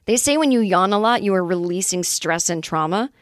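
A woman's voice: mid-range voice, expressive, fairly quick, no room sound, clean studio sound. A woman comedian telling a long personal story in a casual, rambling, self-deprecating way, with the odd swear word. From Los Angeles area, California. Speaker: comedian, podcast host.

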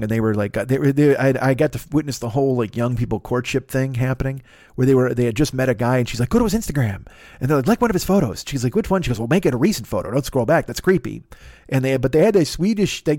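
A man's voice: medium pitch, darkish tone, dry recording, clean studio sound. A middle-aged man hosting a podcast, telling a long, rambling story in casual, profane chat. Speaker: podcast host.

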